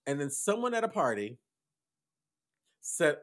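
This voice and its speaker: Animated man telling a story. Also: medium pitch, a little slow, long pauses. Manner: theatrical, swings between loud bursts and hushed asides. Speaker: podcast co-host.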